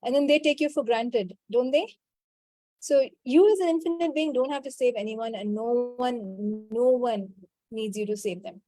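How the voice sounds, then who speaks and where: A woman leads a spiritual coaching call, answering participants and repeating a quick clearing chant. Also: on the high side, dry recording. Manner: answers participants' questions directly, scolding gently. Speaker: healing call facilitator.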